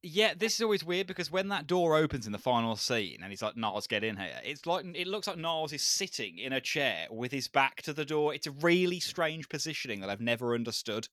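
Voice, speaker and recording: A man in casual podcast chat, walking through scenes with an amused, easygoing manner. His voice sits at an ordinary middle pitch. The recording is close and dry, with almost no room sound. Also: big pitch swings, fairly quick, few pauses, a bit bright, dry recording. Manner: amused, recaps scenes with a chuckle. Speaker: podcast co-host.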